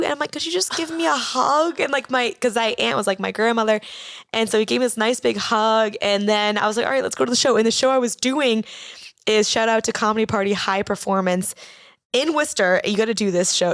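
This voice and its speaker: A woman's voice: fairly high pitch, creaky, no room sound, studio quality. A young adult woman comedian, a podcast guest, telling a long rambling story and acting out the people in it with lots of "like". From Boston area. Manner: rambling, frequent "like", acts out quoted voices. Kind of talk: casual chat, storytelling.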